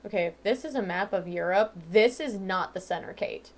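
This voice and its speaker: A woman's voice: mid-range voice, normal speed, slight background noise. A young woman from Ohio, chatting casually and rambling while she plays a game. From Ohio, USA. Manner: chatty, rambling, lots of "um" and "like", laughs easily. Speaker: let's-play host. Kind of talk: casual chat over gameplay.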